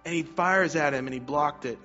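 A man preaching a sermon as pastor, energetic and leading the congregation to repeat lines back, in a muffled recording with faint music behind. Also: fairly high pitch, moderate pace.

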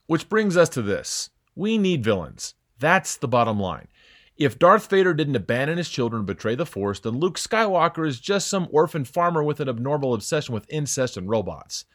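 A young male sports host reading a scripted opinion rant. His pitch swings widely as he mocks and exaggerates. His delivery is sarcastic and theatrical. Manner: sarcastic, mocking, theatrical emphasis.

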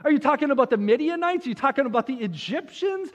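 A man's voice: very high voice, big pitch swings, a little slow, heavily acted. A man voicing Moses as a doubtful, anxious man who questions himself, while telling a story in a sermon. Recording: long hall reverb.

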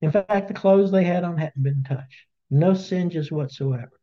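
A man retelling a Bible story in a casual webinar, as an animated storyteller who acts out the voices, on dull lo-fi audio. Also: a little high, unhurried. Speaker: Bible study teacher.

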